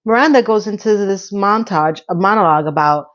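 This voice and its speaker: Woman, casual episode recap, chatty, rambling asides, acts out characters' lines, mid pitch, slightly muffled sound. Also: brisk. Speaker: TV series recap reviewer.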